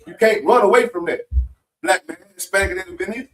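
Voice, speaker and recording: A man with a fairly high voice exhorts the group forcefully, swearing and repeating phrases for emphasis. He is picked up from some distance away. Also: brisk. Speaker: member speaking at a religious meeting. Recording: mic far off.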